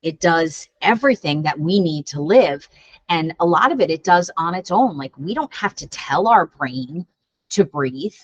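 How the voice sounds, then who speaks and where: A woman teaching children a mindful breathing lesson, gentle and encouraging, laughing at herself when it goes wrong. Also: low voice, lively intonation, measured pace, no room sound, lo-fi sound. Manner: gentle, encouraging, self-deprecating. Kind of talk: guided breathing lesson for kids.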